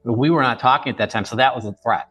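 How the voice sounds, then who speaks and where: Speaking fast in a fairly bright, medium-pitched voice with a breathy edge, this fifties-aged author from around Chicago shares an emotional story from his life on a podcast. He brings it to life by performing remembered dialogue, with faint music behind him and no echo.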